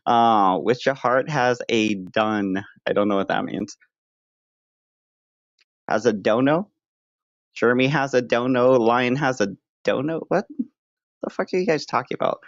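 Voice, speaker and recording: Streamer guy, loose and crude, mock-tough humor, mid pitch, dull dry mic. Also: a little slow, long pauses, no echo. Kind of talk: casual livestream chat.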